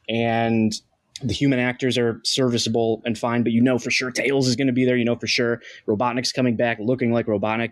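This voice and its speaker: Enthusiastic podcast co-host, mid-pitched man, dry close mic. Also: no echo. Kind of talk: casual podcast chat.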